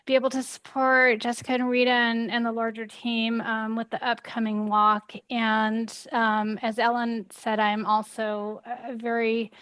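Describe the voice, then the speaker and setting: A woman with a smooth, fairly high voice introduces herself on a video call. She sounds friendly but hesitant, and her pitch stays flat and even, recorded dry and close. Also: a little slow, hardly any pauses, no echo. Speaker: new team member.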